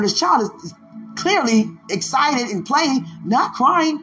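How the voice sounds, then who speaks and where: A woman's voice: high voice, animated, takes it slowly, a bit bright, soft background music. A woman podcast host telling a personal faith testimony in an emotional way, with pleading repetitions.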